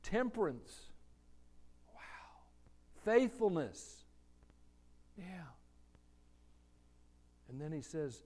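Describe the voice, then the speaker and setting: A male preacher giving a sermon in a church, slow and conversational, asking the congregation questions. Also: fairly high pitch, big pitch swings, darkish tone.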